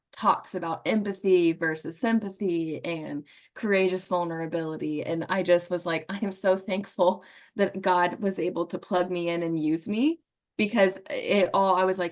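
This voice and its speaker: A woman's voice: lowish voice, steady tone, normal speed. A woman guest on a podcast, telling a story in an earnest, emotional way and often laughing as she talks.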